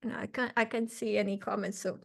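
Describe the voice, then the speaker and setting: A woman's voice: mid-range voice, fairly even intonation, fairly quick, gravelly. A woman, teaching a language class over a video call, patient and encouraging, often checking in with "okay?". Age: 40s. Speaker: Portuguese teacher.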